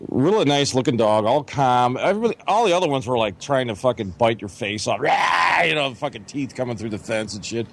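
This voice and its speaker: A man's voice: mid-range voice, lively intonation, brisk, creaky, few pauses. A middle-aged man telling a long, profane story in casual podcast chat, full of "you know". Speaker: podcast co-host.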